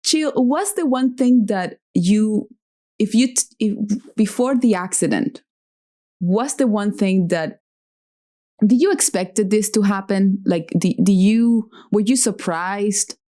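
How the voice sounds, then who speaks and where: A woman's voice: medium pitch, slow, mellow. A woman hosting a podcast who chats casually, laughs along and sounds supportive. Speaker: podcast host. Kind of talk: casual interview chat.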